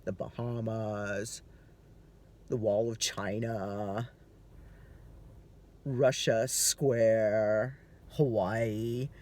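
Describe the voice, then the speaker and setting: A man's voice: fairly low pitch, little pitch movement, drawn-out words, pauses often, darkish tone. A tired middle-aged man vlogging from his car, rambling through casual stories, swearing freely and laughing easily. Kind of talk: casual chatty storytelling.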